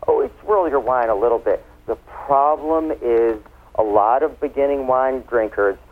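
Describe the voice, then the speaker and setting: A man's voice: mid-range voice, normal speed. A man, a wine expert guest, explaining things in a chatty, playful way during a casual radio interview. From United States. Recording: tinny phone line.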